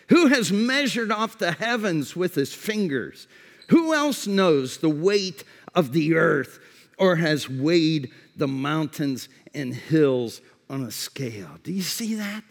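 Slow-preaching man in a reverberant hall. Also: fairly high pitch. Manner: conversational preaching with repeated false starts; drops to a soft, slow voice for reflective questions. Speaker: pastor. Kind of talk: sermon.

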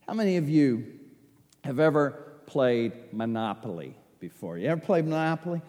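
A man's voice: mid-range voice, sing-song, moderate pace, darkish tone. A man preaching a sermon, emphatic and repetitive, with chatty asides to the congregation. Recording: echoey hall.

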